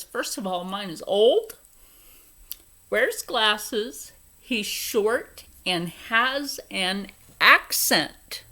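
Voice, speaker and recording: A woman's voice: medium pitch, sharp tone. A young woman with a Philadelphia accent ranting to camera, profane, indignant and emphatic. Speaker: vlogger. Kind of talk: angry rant to camera.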